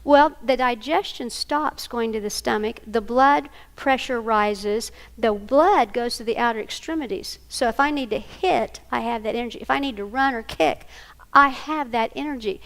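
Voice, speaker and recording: A woman's voice: fairly high pitch, moderate pace. An older woman, a grandmother, presenting a live training workshop and quizzing her audience. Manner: animated, asks the audience questions.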